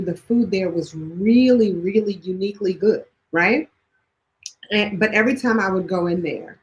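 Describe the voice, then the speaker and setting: A woman's voice: mid-range voice, poor audio. A woman from Washington DC co-hosting a casual chat show, telling stories emphatically and playfully. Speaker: co-host.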